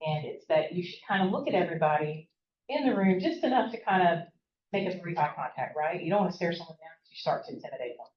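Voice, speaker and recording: Low-ish and expressive, this woman's voice comes through roomy, dull audio. She is a college professor with a Southern accent, chatting rapidly through an interactive classroom workshop and often asking "right?"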